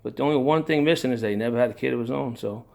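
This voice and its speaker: A man's voice: mid-range voice, racing, gravelly, darkish tone. An older man telling a personal family story in a rambling, digressive way, with sighs, restarts and emotion. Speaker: narrator of his own family story.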